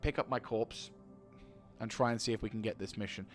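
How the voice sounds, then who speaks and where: A man's voice: lowish voice, steady tone, brisk. A man streaming a space game, talking to himself as he plays, swearing often and flaring up now and then. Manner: mutters to himself while playing, swears, flares up. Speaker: gaming streamer. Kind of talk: live gameplay commentary. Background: game music.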